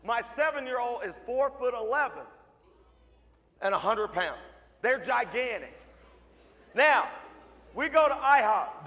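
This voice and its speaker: A man giving a motivational speech to a live audience, telling comic stories and acting them out with bursts of shouting. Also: very high-pitched, in a large hall. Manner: animated, acts out voices and shouts. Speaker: motivational speaker.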